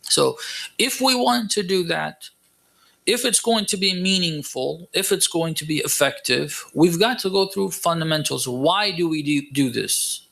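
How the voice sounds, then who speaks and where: A man's voice: on the high side, unhurried, vocal fry, a bit bright. A man delivering a religious lecture to a gathering, emphatic, repeating his points and firing off rhetorical questions. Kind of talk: lecture-style sermon.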